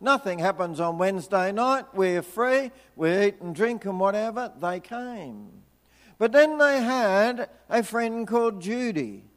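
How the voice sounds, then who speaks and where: Older man, high voice, slow and chatty sermon storytelling, wry jokes, long hall reverb. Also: expressive, fairly bright tone. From Tasmania, Australia. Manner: chatty and humorous, with wry asides. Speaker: visiting preacher. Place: church hall.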